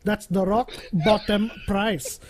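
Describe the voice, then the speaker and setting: A man's voice: high voice, fairly even intonation, takes it slowly, voice pushed up. A man putting on a pushy haggling market seller. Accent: mock Indian. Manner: loud, laughing, pushy bargaining.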